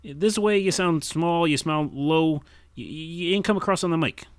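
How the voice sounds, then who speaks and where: A man voicing a pushy, fast-talking tough guy in the style of a 1920s to 1940s character, as a comic bit on his podcast. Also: on the high side, dry recording, pitched above the performer's own voice, natural voice. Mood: bossy. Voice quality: brash, bossy, fast-talking.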